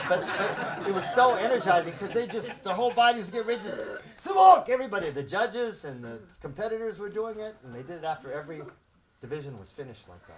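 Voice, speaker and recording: Animated older man telling martial arts stories. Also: fairly high pitch. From South Central Los Angeles. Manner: animated, acts out shouts and quotes, laughs often. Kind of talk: storytelling to students.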